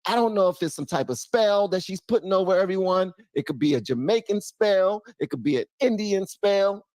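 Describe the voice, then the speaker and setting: A man's voice: high-pitched, animated, a little fast, no room sound. Brief: man, commentary host, incredulous, voice jumping all over, dry close mic. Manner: exasperated, mocking, swings from loud outbursts to mutters. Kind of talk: reaction commentary.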